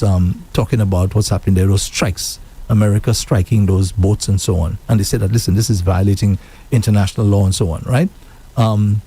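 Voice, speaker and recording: A man from the Caribbean hosting a casual political talk show, animated and repetitive, quoting others in mock voices. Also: on the low side, breathy edge. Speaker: radio show host.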